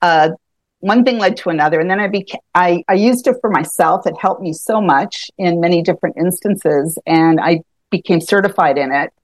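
Chatting casually as a guest, this EFT tapping practitioner describes the self-help technique with lively energy and frequent laughter, often starting her sentences over. Her voice sits on the low side, recorded with no room sound.

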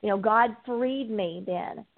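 A woman's voice: on the high side, takes it slowly. A woman guest and addiction recovery coach, giving an earnest, heartfelt personal testimony in an interview, with frequent ums. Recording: tinny phone-line sound.

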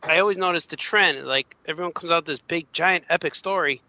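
A comics creator, a man, chatting casually in a laid-back, halting way, often laughing. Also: on the high side, sharp tone, dry recording, poor audio. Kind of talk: casual chat.

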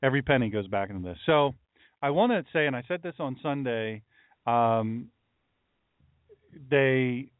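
Rambling middle-aged pastor, tinny audio. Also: male voice, medium pitch, expressive, unhurried, long pauses, dry recording. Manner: rambling, folksy, chatty asides. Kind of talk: casual livestream talk with chat. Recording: dry, phone-like lo-fi audio.

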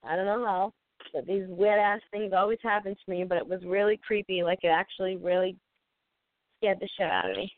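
A woman's voice: medium pitch, lively intonation, brisk, no room sound. A woman in her thirties co-hosting a podcast, telling a story in a rambling way and laughing often. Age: 30s. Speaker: podcast co-host. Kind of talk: casual storytelling chat. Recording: dry, tinny phone-like sound.

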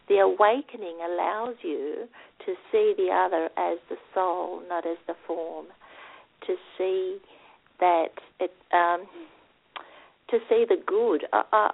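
Spiritual healer lady talking soft and a bit hesitant, gravelly and husky, sounds like a phone call. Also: lowish voice, measured pace. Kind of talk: interview, reading aloud. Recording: phone-like line.

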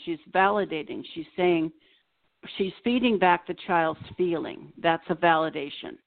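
A woman psychotherapist explaining ideas in a gentle, measured way as an interview guest, recorded over a remote call. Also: fairly low pitch, creaky. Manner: gentle, measured, gives examples. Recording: tinny phone-like line.

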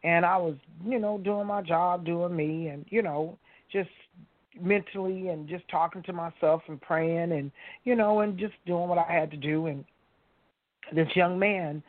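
A woman's voice: on the low side, steady tone, unhurried. A woman shares a personal faith story on a radio talk show in an earnest, storytelling way, often turning to the listeners. Her voice comes through a tinny, phone-like line. The sound is dry, with no room echo. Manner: earnest, storytelling, addresses listeners as you guys. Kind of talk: casual faith testimony.

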